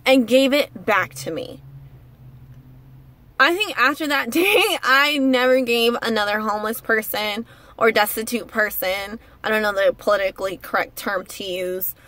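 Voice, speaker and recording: A woman's voice: a little high, moderate pace, pushed and bright. A young woman vlogger telling a story to camera in a casual, indignant rant.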